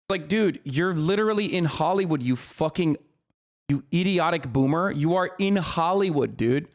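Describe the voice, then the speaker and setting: A man's voice: fairly high pitch, expressive, normal speed. A man in his thirties, a streamer, ranting in exasperated casual commentary with lots of swearing. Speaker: streamer reacting to a clip.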